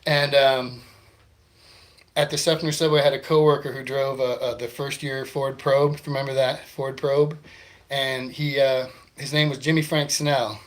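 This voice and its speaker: A man's voice: mid-range voice, little pitch movement, measured pace. A man from the Tampa Bay area of Florida, a comedian telling rambling, self-deprecating, profane stories. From Tampa Bay area, Florida, USA. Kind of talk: comedic storytelling monologue.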